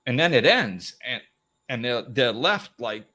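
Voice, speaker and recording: A man's voice: mid-range voice, measured pace. A man hosting a live motivational talk, speaking plainly and acting out little dialogues. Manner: animated, acts out little dialogues, plain-spoken. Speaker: host.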